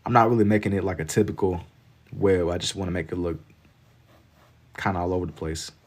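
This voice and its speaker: A man with a Southern accent and a somewhat low voice, talking loosely while he draws. He rambles in an easygoing way and fills his sentences with "like" as he reads and answers chat. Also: a little fast. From Kentucky. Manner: laid-back, rambling, heavy on filler "like". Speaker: live-stream artist. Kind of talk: casual live-stream chat while drawing.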